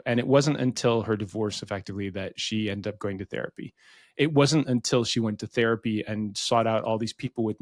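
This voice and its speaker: Middle-aged american dude chatting on a podcast, rambly, swears a lot, dry close mic. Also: male voice, medium pitch, no echo. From United States. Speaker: podcast co-host. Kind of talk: casual chat.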